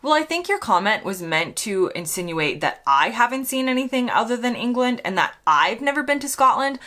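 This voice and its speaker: Croaky American woman, mock-sincere. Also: fairly high pitch, very animated, a little fast, bright, forceful tone. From United States. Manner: dry, mock-sincere sarcasm. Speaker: vlogger. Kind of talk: reading and answering comments.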